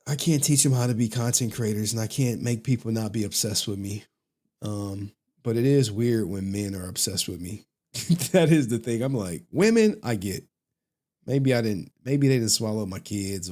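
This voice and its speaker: A man's voice: medium pitch, a little mellow. A man hosting a livestream, chatting casually in a loose, profane, joking way and laughing often. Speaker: livestream host.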